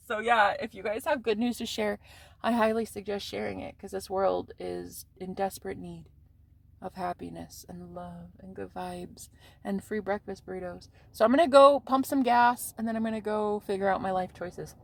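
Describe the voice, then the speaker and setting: A brash woman in her thirties vlogs from the street, loud-mouthed and quick to swear and laugh. Her voice sits at an ordinary pitch for a woman. The sound is dry and close. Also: vocal fry, dry recording. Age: 30s. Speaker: vlogger. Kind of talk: casual outdoor vlog. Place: outdoors on a street.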